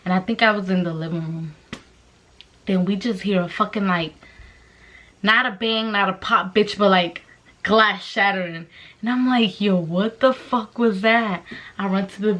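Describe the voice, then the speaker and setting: Profane, animated young woman vlogger. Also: mid-range voice, measured pace. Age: young adult. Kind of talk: storytime vlog. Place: home, late at night.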